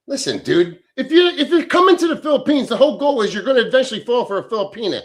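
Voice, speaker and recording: A man's voice: very high-pitched, big pitch swings, quick pace, hardly any pauses. A middle-aged man from the American Midwest, hosting a livestream, reading chat and ranting in a blunt, crude way. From Southern Illinois, USA. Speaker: livestream host.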